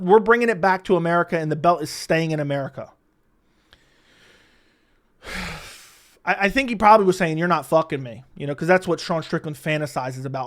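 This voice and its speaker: A man hosting an online combat sports commentary channel, reading tweets aloud and mocking them in a heated, opinionated rant. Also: high-pitched. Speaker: MMA commentary channel host.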